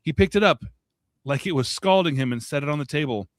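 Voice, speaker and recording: A man's voice: on the high side, animated, brisk, no echo, clean studio sound. A man reading a short story aloud on a podcast. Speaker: podcast co-reader.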